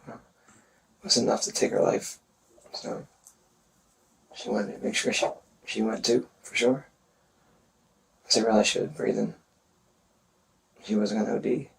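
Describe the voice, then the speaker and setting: A man recounting events in a police interview, speaking haltingly and hesitantly with many pauses. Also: lowish voice, fairly even intonation, creaky. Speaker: murder suspect in a police interview. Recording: distant interview recording with faint noise.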